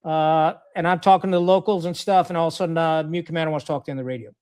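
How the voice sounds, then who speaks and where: Blunt, high-voiced middle-aged man telling war stories. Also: steady tone, very fast, darkish tone, smooth. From Pakistan. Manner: blunt, profane, many restarts and fillers. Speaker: podcast guest, retired Marine officer. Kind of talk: war storytelling in casual conversation.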